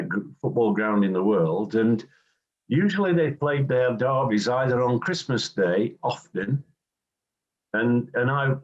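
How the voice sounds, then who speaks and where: Older English man telling stories, dull audio. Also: mid-range voice. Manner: anecdotal, warm storytelling with acted-out quotes. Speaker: former football referee, interview guest. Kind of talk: reminiscing in a conversational interview.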